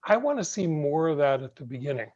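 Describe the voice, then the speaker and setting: A middle-aged man teaching piano in an online masterclass, gentle, patient and encouraging, heard over a video call. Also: fairly high pitch, sing-song, fast talker. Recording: muffled video call audio.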